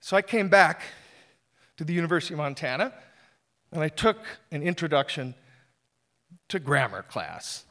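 A man telling a personal story on stage, animated and self-deprecating, often restarting his sentences. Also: fairly high pitch, normal speed, pauses often.

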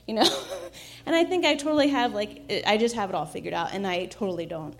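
A woman with a middle-pitched voice recounts a personal memory in an easy, reflective way. She pauses on fillers and restarts often, and breaks into small laughs as she talks. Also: expressive, creaky. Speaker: storyteller. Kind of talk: casual personal storytelling.

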